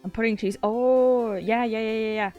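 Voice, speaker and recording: A woman streaming a game who reads story text softly and reacts with excited, sweary outbursts and frequent laughter. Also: fairly high pitch, normal speed, dull audio, faint music behind. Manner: soft, hushed reading of story text. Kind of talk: casual let's-play commentary and reading game text aloud.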